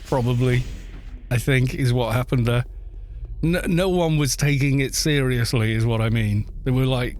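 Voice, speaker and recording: A man's voice: medium pitch, a little slow, faint music behind. A man hosting a gaming channel, chatting wryly and rambling through asides while he plays an online game. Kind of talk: casual commentary while playing an online game.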